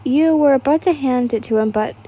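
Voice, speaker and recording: A woman's voice: sits high, fairly quick, warm tone. A young woman casually reading fan fiction aloud, stumbling over words and laughing at the text.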